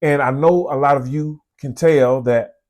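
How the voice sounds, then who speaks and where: With a mid-range, darkish voice and fairly even intonation, this man speaks unhurriedly. He's a police officer hosting his own channel, talking casually and folksily to the camera in a Southern US accent. He stays conversational and circles back to repeat points.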